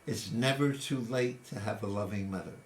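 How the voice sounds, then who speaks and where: Low-voiced man in his eighties telling stories. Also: moderate pace, a little hiss or hum. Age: 80s. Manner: conversational, reflective, with frequent restarts. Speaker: interviewee. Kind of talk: casual storytelling.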